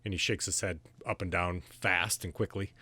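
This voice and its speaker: A man runs a tabletop game as game master, with a low voice and a bright, crisp edge. He narrates haltingly, full of fillers and pauses, and sounds dry and close to the mic. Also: steady tone, dry recording. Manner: halting, many fillers, chuckles often.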